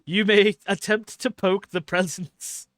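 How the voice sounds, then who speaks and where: A man running a tabletop game as game master, narrating with frequent laughter and quick asides. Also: high-pitched, steady tone, a bit bright, no room sound.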